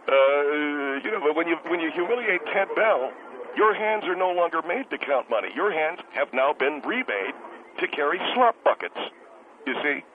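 A man voicing a bitter restaurant-owner caller in a comedic radio call-in bit, who talks in indignant, stammering rushes and repeats himself. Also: on the high side, lively intonation, close to an everyday voice. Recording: noisy tinny phone line.

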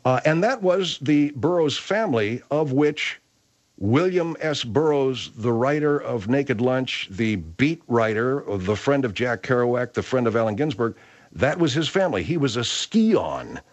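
Rambling male comedy host, animated pitch, fillers and restarts. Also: a little slow. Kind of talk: comedy show chat.

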